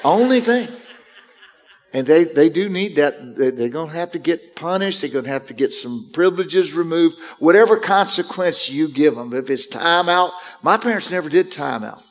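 A man's voice: fairly high pitch, animated, moderate pace. A man preaching a sermon to his congregation, conversational and anecdotal, acting out parents and kids. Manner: conversational preaching with acted-out parent and child quotes. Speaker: pastor.

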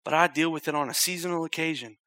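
A young male pastor delivers a sermon in a slightly higher-than-usual voice, recorded close and dry with no room sound. He hammers repeated phrases with rising urgency, then sinks to soft, intimate near-whispers. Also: quick pace, no room sound. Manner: swings from loud urgent repetition to hushed near-whispered intimacy.

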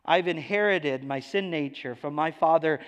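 A male pastor preaching a sermon, emphatic, swinging between hushed lows and raised declarations. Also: normal speed, smooth, in a large hall, dull audio.

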